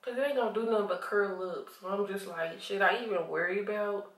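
Southern woman vlogger, sleepy and chatty, mid pitch, recorded in an echoey room away from the camera. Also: steady tone, brisk. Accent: Southern US (Arkansas). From Arkansas, USA. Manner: chatty, laughs often, calls viewers honey and y'all. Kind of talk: casual chat to camera. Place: at home, indoors. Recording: roomy, from a distant camera mic.

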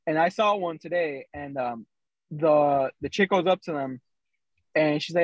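A man's voice: fairly high pitch, measured pace, dry recording. A man co-hosting a podcast, telling a story in casual chat with many ums and acted quotes. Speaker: podcast co-host. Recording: dry, slightly dull sound.

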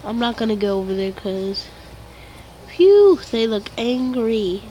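A woman giving casual commentary on her own game, excitable and quick to exclaim when startled. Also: medium pitch, highs cut off. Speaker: let's play gamer.

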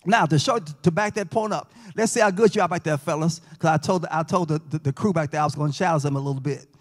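A man's voice: on the high side, quick pace. A man teaching a Bible lesson in church, folksy, joking with and quizzing the class. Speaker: Sabbath school teacher. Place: church sanctuary. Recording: long church reverb.

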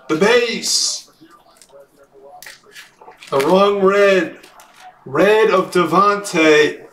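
A man hosting a live card break, calling out each card and shouting at big hits. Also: sits high, drawn-out words, pauses often. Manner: excited, calls out card hits. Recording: echoey room with faint noise.

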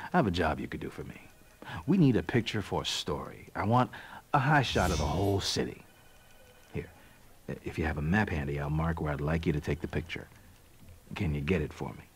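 An actor playing a kindly, reassuring newspaper editor in a video game, with a deep voice. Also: male voice, normal speed, long pauses, a little hiss or hum. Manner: warm, reassuring, calm.

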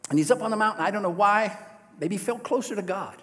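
A male preacher telling a Bible story in a sermon, lively and folksy, often asking the congregation questions. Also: sits high, fast, big-room sound. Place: church sanctuary.

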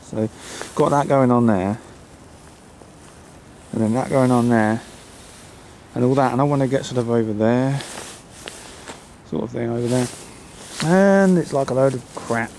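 A man's voice: mid-range voice, measured pace, long pauses, a little mellow, slight background noise. Rambling British man vlogging outdoors. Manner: rambling, self-deprecating, mutters asides to himself. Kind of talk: casual vlog talk to camera. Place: outdoors on flooded rural trails in winter.

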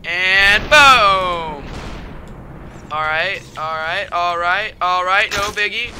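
A young man commenting on a video game, excitable and given to sudden yelps and shouted exclamations. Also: sits high, slow pace, slight background noise. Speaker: gamer doing commentary. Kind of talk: let's play commentary.

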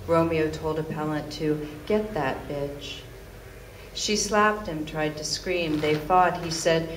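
A woman giving a live reading in a venue, chanting long lists of words in steady succession, then recounting events in a flat, deadpan way. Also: low voice, a little slow. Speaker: writer giving a public reading. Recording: echoey venue with faint background hum.

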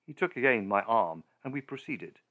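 A man narrating a horror audiobook in a measured, deliberate, storytelling manner. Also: mid-range voice, expressive, phone-quality sound.

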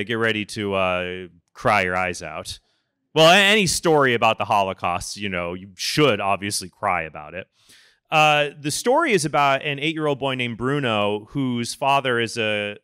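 A man in his thirties giving a conference talk, telling lively stories and acting out the voices he quotes. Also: medium pitch, clear, resonant tone, no room sound, clean studio sound. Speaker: conference speaker.

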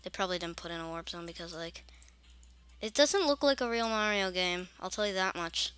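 Bright-voiced young woman grumbling through gameplay. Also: lowish voice, brisk, smooth, dry recording. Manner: chatty, grumbling, mock-scared asides. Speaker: gaming channel host. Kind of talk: casual gameplay commentary.

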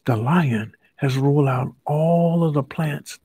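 Slow, husky man reading a kids' story. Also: fairly high pitch, dark tone, no room sound. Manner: playful, asks the listener questions. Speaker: Bible study teacher. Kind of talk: reading a children's story aloud with commentary.

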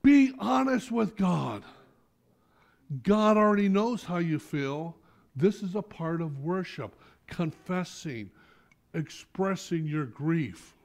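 A middle-aged man preaching a sermon as pastor in a church, animated, rising to loud appeals and dropping to soft asides. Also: sits high, slow pace, creaky. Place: church sanctuary.

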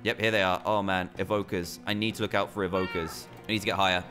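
A young British man giving excitable commentary while playing a game. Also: deep voice, fast talker, music in the background. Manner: excitable, animated reactions. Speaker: gaming YouTuber. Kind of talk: gameplay commentary.

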